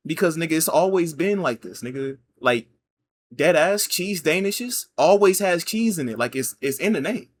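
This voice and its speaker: A man reacting to clips and telling his own work stories in a relaxed, slangy, laughing way. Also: fairly high pitch, moderate pace. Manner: laid-back, slangy, laughing storyteller. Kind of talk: casual reaction commentary.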